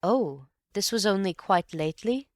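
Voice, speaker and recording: A woman voicing a polite, curious young gentleman investigator in an audiobook, speaking cautiously. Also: medium pitch, lively intonation, normal speed, dry recording, clean studio sound, voice pushed up, close to an everyday voice. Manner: courteous and cautious. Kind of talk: audiobook character voice.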